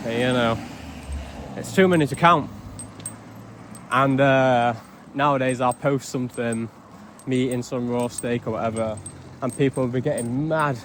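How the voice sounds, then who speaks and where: A man's voice: medium pitch, moderate pace, long pauses, fairly bright tone, slight background noise. A young man ranting in a casual vlog, blunt and sarcastic with heavy swearing. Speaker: vlogger.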